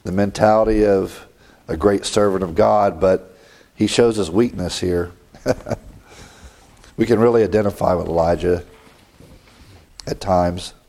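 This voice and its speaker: A man's voice: low-pitched, fairly even intonation, a little slow, vocal fry, long pauses, darkish tone. A man preaching a sermon, reading scripture and adding conversational asides with frequent chuckles.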